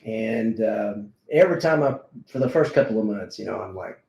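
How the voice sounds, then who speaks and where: A middle-aged man, a martial arts instructor, tells a personal story in a relaxed, halting way, with many fillers and restarts. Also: fairly low pitch, creaky. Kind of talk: casual conversational storytelling. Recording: roomy echo.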